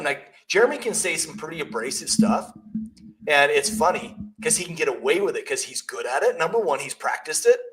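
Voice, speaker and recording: A man's voice: a little high, sing-song, brisk, a bit bright, low-quality recording. A man, a realtor and coach, talking bluntly and emphatically in a casual business podcast chat, telling stories.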